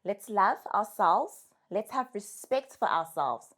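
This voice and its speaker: This young adult woman speaks slowly in a mid-range voice with a South African English accent. Her casual advice to followers is delivered with animation, emphasis and sass.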